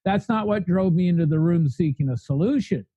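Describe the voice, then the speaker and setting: A man's voice: high-pitched, animated, a little fast, mellow, no room sound, dull audio. A man telling his recovery story in a podcast interview, blunt and fiery, speaking in long spoken lists. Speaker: guest sharing recovery story.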